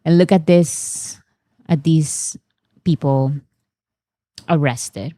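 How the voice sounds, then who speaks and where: A woman's voice: sits low, very slow, warm tone, no room sound, studio quality. A woman hosting a casual commentary, translating fan clips in a chatty way with fillers and restarts. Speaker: host.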